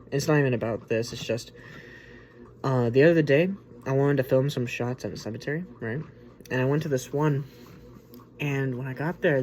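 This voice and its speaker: With a mid-range, slightly mellow voice, this movie reviewer hosts his show in a casual, rambling, informal way, restarting frequently and using plenty of "like" and "you know." The recording carries a little hiss or hum.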